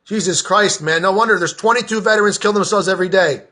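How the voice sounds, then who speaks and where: High, bright-voiced ranting man. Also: fast talker. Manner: profane, emphatic, repeats himself. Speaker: political vlogger. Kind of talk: impassioned ranting monologue.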